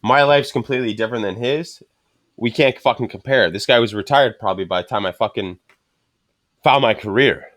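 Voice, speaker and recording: A man's voice: mid-range voice, fairly quick, a bit bright, no echo. A man telling loose, profane stories in a casual chat. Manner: loose, profane, rambling storytelling. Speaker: podcast guest.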